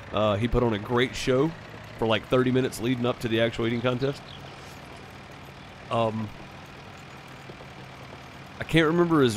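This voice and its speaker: A man's voice: medium pitch, a little hiss or hum. Chatty man on a game stream. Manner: rambling, chatty, fillers and restarts. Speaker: streamer playing a farming game. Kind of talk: casual storytelling over voice chat.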